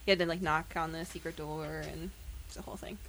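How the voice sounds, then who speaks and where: A woman's voice: low voice, fairly even intonation, quick pace, gravelly, fairly bright tone. A woman on a casual podcast, chatting through her list of favorite trips of the year. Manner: chatty, upbeat list-reading. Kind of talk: casual group chat.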